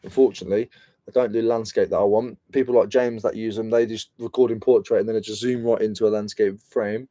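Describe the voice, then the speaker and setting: British man, mellow, dry close sound, casual slangy stream chat. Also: on the low side, fairly even intonation, fast, no room sound. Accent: British English. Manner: chatty, slangy, self-mocking. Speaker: reselling vlogger.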